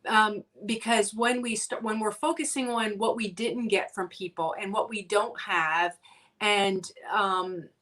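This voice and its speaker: A woman's voice: mid-range voice, steady tone, unhurried, fairly bright tone, distant mic. A woman guest talking earnestly in a casual conversation, with many ums and restarts. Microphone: video call.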